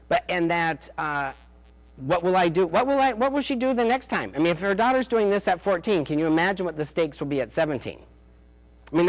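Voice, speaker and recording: A man, a family therapist, giving a parenting talk with stories, chatty and sarcastic, full of "like" and "um" fillers. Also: a little high. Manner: chatty storytelling, frequent "like" and "um" fillers; dry, sarcastic humor. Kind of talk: lecture with anecdotes.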